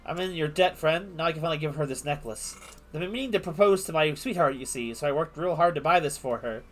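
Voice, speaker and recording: A man's voice: fairly high pitch, faint music behind, close to an everyday voice. A man reading the lines of an earnest, somewhat nervous young male suitor from a game. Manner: earnest, halting read of game dialogue.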